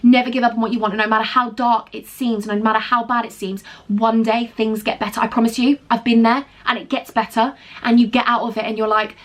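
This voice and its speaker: Chatty young woman vlogger, slightly high. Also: level tone, a little fast, few pauses. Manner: chatty, emphatic, gushing, talks straight to viewers. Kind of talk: casual storytime chat to camera.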